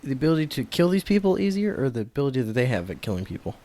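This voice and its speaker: A man's voice: medium pitch, big pitch swings, very fast, mellow. A man co-hosting a casual comedy podcast, playful and teasing. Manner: playful, teasing, bursts of laughter. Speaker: podcast co-host.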